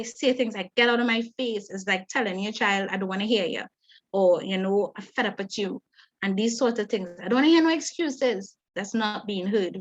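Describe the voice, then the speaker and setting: Fast-talking Trinidadian woman leading a webinar. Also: mid-range voice. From Trinidad and Tobago. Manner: lively, fast-talking and conversational. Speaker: webinar facilitator. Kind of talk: parenting talk in a webinar. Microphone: video call. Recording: dull lo-fi webinar audio.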